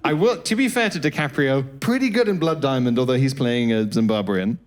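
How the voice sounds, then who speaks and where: A man from Africa, co-hosting a live comedy podcast with animated, playful storytelling and mimicry. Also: mid-range voice, brisk. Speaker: podcast co-host. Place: stage at a live podcast festival.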